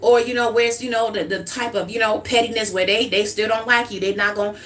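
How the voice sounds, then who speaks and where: A woman's voice: on the high side, fast talker. Blunt, profane woman tarot reader. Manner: blunt, profane, animated preaching tone. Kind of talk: livestream tarot reading.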